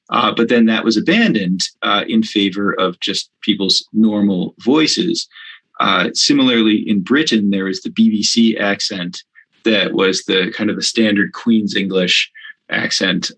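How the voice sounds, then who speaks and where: A middle-aged man with a mild Midwestern American accent, answering a podcast interview. His low voice has a gravelly, husky edge, and he talks haltingly, circling back with fillers and restarts as he works through an idea. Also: a bit bright, low-quality recording. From United States. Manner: hesitant, many fillers and restarts. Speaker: guest theology professor.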